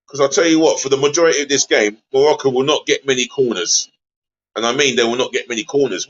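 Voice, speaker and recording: A man hosting a live football watch-along stream, chatty and easily exasperated, giving viewers shout-outs. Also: medium pitch, normal speed, pauses often, muffled recording.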